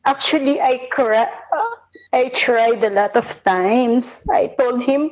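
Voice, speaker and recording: A woman with a Filipino accent calling into a show over the phone, hesitant and halting with many fillers. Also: on the high side, darkish tone. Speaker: caller. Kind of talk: phone-in call, Taglish. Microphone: phone line. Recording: dull phone-line audio.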